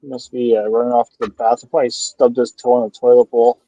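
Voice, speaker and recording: A man's voice: medium pitch, flat delivery, fast talker, mellow, no echo, lo-fi sound. A man co-hosting a beer review live stream, filling the gaps with dry joking commentary in casual chat. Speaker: beer review podcast co-host.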